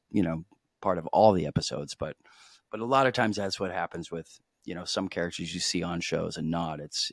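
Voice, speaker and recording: A man co-hosting a casual recap podcast, talking at length and slipping in jokes. His voice sits low, and the recording is dry and close with no room echo. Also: fairly bright tone. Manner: explains at length, joking. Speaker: podcast co-host. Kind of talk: casual chat.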